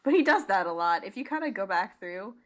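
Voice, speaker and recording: A young woman co-hosting a fan podcast, gushing excitedly in casual chat, filling her talk with "like". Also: mid-range voice, a little fast. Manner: gushing, excitable, many "like" fillers. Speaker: podcast co-host.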